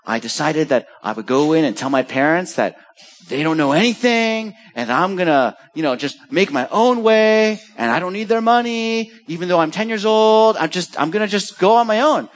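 A man's voice: high voice, normal speed, long reverb tail, close to an everyday voice. A man voicing a defiant ten-year-old child who boasts he will make his own way.

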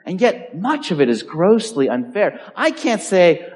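A man's voice: high-pitched, moderate pace, few pauses. A man preaching a sermon, telling a story and acting out the people in it. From California. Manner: animated storyteller acting out voices. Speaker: pastor. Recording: long hall reverb.

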